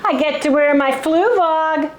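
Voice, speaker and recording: A woman's voice: high-pitched, measured pace, a little hiss or hum. A middle-aged woman chatting casually and cheerfully to her viewers in a home vlog. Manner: chatty, upbeat, keeps saying "you guys". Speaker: vlogger. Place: at home, then in a restaurant.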